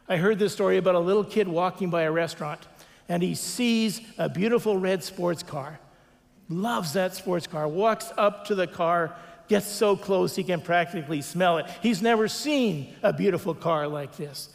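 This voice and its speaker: A man's voice: high voice, moderate pace, gravelly, long reverb tail. A man preaching a sermon as a pastor, earnest, with repeated refrains and acted-out quotes.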